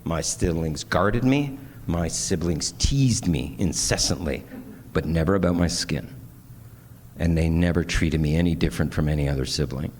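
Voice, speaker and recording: A Canadian man with a rumbling low, slightly mellow voice speaks at normal speed. He gives an earnest, candid personal keynote at a conference, using self-deprecating humor. The large hall adds long reverb and faint noise.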